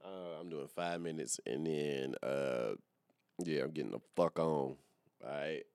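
Young male podcaster, very deep voice, dry close sound, loose profane self-mocking solo rant. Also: unhurried, a little mellow, clean tone, dry recording. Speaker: podcast host. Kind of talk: casual solo podcast monologue.

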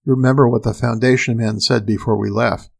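A man's voice: medium pitch, steady tone, a little fast, gravelly. A man voicing an old, badly injured spaceship engineer who speaks in a strained, dry, pained way.

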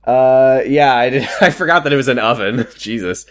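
A man's voice: mid-range voice, moderate pace. A man reading a fan story aloud for laughs, mock-dramatic and often laughing. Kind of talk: comedic dramatic reading with chat.

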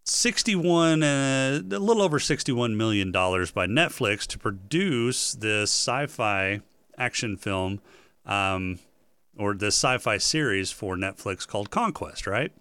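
A man's voice: on the low side, a little slow, clean tone, dry recording. A man co-hosting a casual podcast, telling a story by stringing the listener along with questions. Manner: animated, builds up stories with questions. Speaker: podcast co-host. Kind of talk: casual chat.

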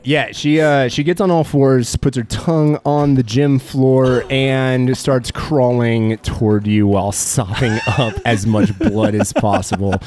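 A man's voice: medium pitch, steady tone, measured pace, few pauses, darkish tone. A man narrating as game master in a tabletop game, casual and profane.

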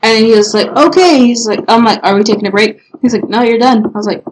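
Mid-pitched female host, chatty storyteller. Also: little pitch movement, fast, noisy background. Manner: storytelling, chatty, quotes others. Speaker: podcast host. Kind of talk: casual chat.

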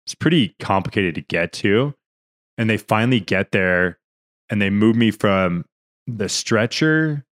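A young man co-hosting a podcast tells a story with earnest emotion, rambling and restarting often, close to tears. His voice is fairly low, expressive, slightly slow and a bit bright. The talk is a casual podcast conversation.

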